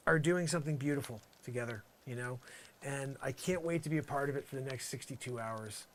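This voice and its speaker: A man doing an improvised comic monologue, rambling and sarcastic, swinging between loud outbursts and muttered asides. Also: mid-range voice, fairly quick. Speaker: comedian.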